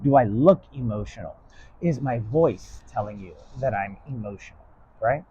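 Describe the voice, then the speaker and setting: A man's voice: mid-range voice, animated, normal speed, mellow, slightly rough, dull audio. A man giving a rambling spoken lesson in a stern, blunt and profane way. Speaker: lecturer.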